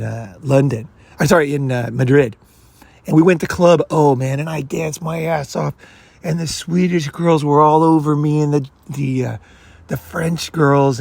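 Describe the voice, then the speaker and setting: A rambling American man in his fifties tells a profane story with a gravelly, husky voice set a touch higher than most men's. He talks casually and swears freely as he goes. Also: darkish tone. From United States. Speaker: channel host.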